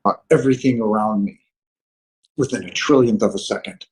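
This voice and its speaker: A man telling his near-death story as earnest, halting personal testimony. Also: on the low side, breathy edge, poor audio.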